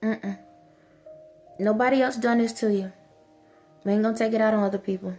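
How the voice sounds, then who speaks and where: A woman's voice: fairly high pitch, fairly even intonation, fast talker, a little mellow, faint music behind. A woman vlogger giving an impassioned spiritual monologue, repeatedly soothing and urging an unseen listener.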